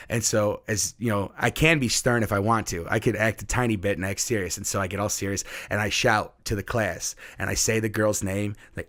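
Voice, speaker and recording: A male middle school teacher with a fairly low voice, chatting casually as he tells a story. He is animated and slips into the voices of the people he quotes. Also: a little fast, few pauses.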